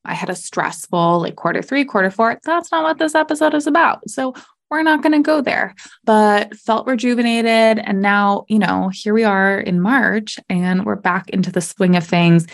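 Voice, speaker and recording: Brief: young woman, solo podcast host, chatty and candid, laughs easily, mid-pitched voice. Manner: casual and candid, laughs often, says "like" and "you know".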